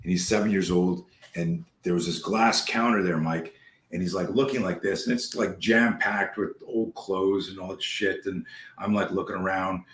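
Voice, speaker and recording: A man with a lowish voice hosts a podcast over a video call. He tells stories in a loose, lively way, acts out the dialogue and curses without a second thought. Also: moderate pace. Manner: animated, swears freely, acts out dialogue. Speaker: podcast host. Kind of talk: casual storytelling chat.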